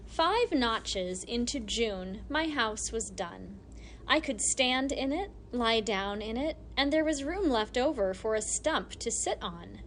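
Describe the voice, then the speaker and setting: A woman narrating an audiobook in the first person, telling the story in an animated, expressive way. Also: on the high side, a little slow, few pauses, slight background noise.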